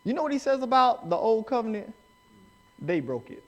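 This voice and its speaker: High-voiced emphatic man preaching. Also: big pitch swings, fairly quick. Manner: emphatic preaching, rising to shouts, acts out quoted people. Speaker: pastor. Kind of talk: live sermon. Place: church sanctuary.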